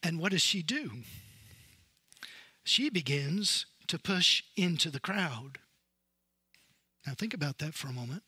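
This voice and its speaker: Brief: male preacher, high and bright, slow, dramatic sermon delivery. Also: breathy edge, no room sound. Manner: animated storytelling, swings from loud emphasis to hushed. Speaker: pastor.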